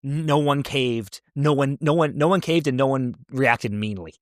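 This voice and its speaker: A man co-hosting a podcast in casual chat, excitable and swearing, acting out quotes. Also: mid-range voice, unhurried, dry recording, clean studio sound. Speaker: podcast co-host.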